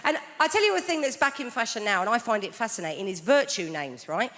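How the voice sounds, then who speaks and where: A woman's voice: a little high, big pitch swings, fast, fairly bright tone. A woman performing a stand-up comedy set on a large theatre stage, telling wry stories about family life. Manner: wry, conversational storytelling with acted-out quotes. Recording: theatre stage mic with long hall reverb and audience noise.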